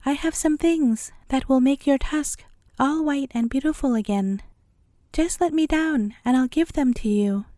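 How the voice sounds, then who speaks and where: A woman's voice: high voice, a little slow, dark tone, no echo, clean studio sound. A woman voicing a polite, clever young boy in a storybook, eager to help.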